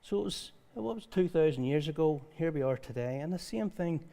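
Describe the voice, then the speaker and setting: A pastor with a slightly higher-than-average voice delivers a conversational sermon at a church service. He moves between reading scripture aloud and telling stories in a lively, informal way. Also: a little fast, creaky.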